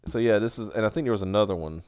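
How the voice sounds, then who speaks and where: A man's voice: fairly low pitch, rapid-fire, darkish tone, smooth. A man co-hosting a livestream, ranting casually and profanely with exasperation while reading tweets aloud. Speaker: stream co-host.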